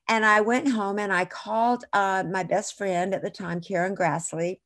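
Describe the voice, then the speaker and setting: A woman's voice: fairly low pitch, steady tone, moderate pace, hardly any pauses. A woman guest in an interview, telling a long story in a chatty, digressive way and correcting herself as she goes.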